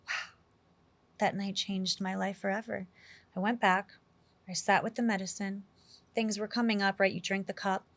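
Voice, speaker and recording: A woman's voice: medium pitch, little pitch movement, normal speed, long pauses, a bit bright, no echo. A middle-aged woman from New York City, a guest in an interview, telling a personal story in a candid, casual way full of "like" and "you know".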